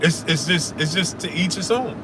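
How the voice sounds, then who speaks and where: A man's voice: a little high, moderate pace, noisy background. A man hosting a casual live stream, arguing with viewers in the chat, repeating himself and calling them brother. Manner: argumentative, repeats himself, calls listeners brother. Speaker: sports show host answering live chat.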